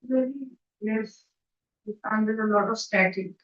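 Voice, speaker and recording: A woman taking part in a workshop exercise, giving hesitant, quiet answers. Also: fairly high pitch, a little slow. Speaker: workshop participant. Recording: dull echoey room audio from far off.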